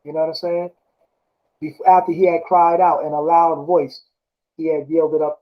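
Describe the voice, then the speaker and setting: A man with a rather high voice talks loosely about scripture. He stops to read verses slowly and often corrects himself mid-thought. The recording sounds dull and lo-fi. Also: flat delivery. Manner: rambling, self-correcting, often asks "you know what I'm saying?". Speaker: speaker discussing scripture. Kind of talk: casual religious talk, reading verses aloud.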